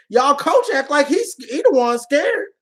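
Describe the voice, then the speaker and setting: A man's voice: very high voice, big pitch swings, takes it slowly, fairly bright tone. A man answering fan questions in casual, slangy talk, trash-talking and laughing often. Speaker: online sports commentator. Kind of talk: casual live Q&A.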